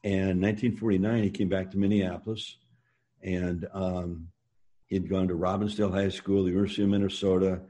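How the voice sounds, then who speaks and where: A man's voice: deep voice, flat delivery, brisk, warm tone. A man being interviewed, telling long rambling stories with frequent fillers and restarts. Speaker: interview guest. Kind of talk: storytelling in a casual interview.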